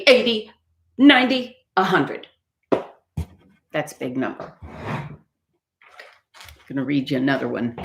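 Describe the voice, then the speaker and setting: A woman librarian reading aloud to children at storytime, slowly and with lots of expression. Her voice sits a little low and swings widely in pitch. It sounds in an echoey library room.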